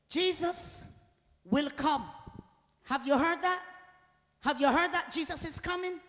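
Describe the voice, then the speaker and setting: A high-pitched woman preaches with a forceful, bright edge, pressing her congregation with call-and-response questions. She swells again and again into shouted peaks. Her voice rings through the long reverb of a big church hall. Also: lively intonation, measured pace, long pauses. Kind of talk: sermon.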